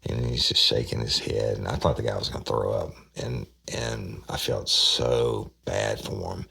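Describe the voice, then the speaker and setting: A man's voice: a bass voice, expressive, unhurried, gravelly, bright, forceful tone, slightly rough. A man, telling a true-crime story on a podcast in a rambling way, often repeating words and acting out what people said. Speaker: podcast host recounting a case.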